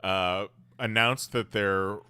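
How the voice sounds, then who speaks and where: Podcast host, male, bright crisp voice, dry close mic, loose rambling chat. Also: lowish voice, fairly even intonation, takes it slowly, no room sound. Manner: rambling, filler-heavy, swearing. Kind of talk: casual chat.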